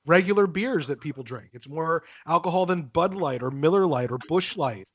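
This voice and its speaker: A man's voice: fairly high pitch, expressive, normal speed, a bit bright, a little hiss or hum. A man hosting a casual podcast chat, joking and swearing as he leads the questions. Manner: joking, profane, leading the questions. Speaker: podcast host.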